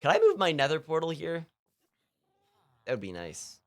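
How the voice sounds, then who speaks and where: Streaming a game, this young man from California rambles casually, filling his talk with fillers and frequent laughter. His voice leans high, swings hugely in pitch, and moves at a moderate pace.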